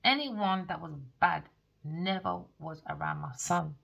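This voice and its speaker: A woman giving a spoken tarot reading, blunt and excitable, swearing freely. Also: deep voice, moderate pace, vocal fry, dull audio. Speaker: tarot reader.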